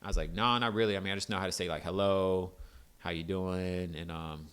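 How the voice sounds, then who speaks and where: A man's voice: low-pitched, fairly even intonation, brisk, fairly bright tone, clear, resonant tone. A young American man co-hosting a podcast, chatting casually and telling stories with a laid-back manner. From United States. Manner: laid-back, storytelling, laughs often. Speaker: podcast co-host. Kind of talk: casual chat.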